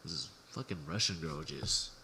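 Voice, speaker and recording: A man's voice: very deep voice, moderate pace, pushed and bright, a little hiss or hum. A young man co-hosting a podcast, telling stories casually in a laid-back, profane, slangy way. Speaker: podcast co-host. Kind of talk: casual chat, storytelling.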